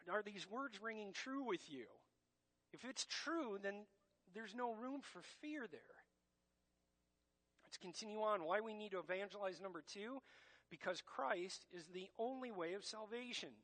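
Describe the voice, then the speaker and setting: A man's voice: sits high, expressive, a little slow, a bit bright. A man preaching a sermon as pastor, emphatic and direct, addressing his congregation as church.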